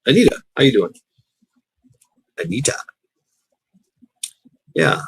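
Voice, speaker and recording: A man chats on his livestream in a loose, rambling way, swearing freely and often breaking into laughter. His voice sits at an ordinary middle pitch. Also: huge pitch swings, slow, husky. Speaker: livestream host. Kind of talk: casual profane chat.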